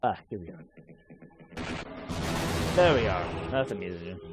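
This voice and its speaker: Rambling male streamer, lively pitch. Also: a little slow, music in the background. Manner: rambling, talks to himself, swears offhandedly. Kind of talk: casual gameplay commentary.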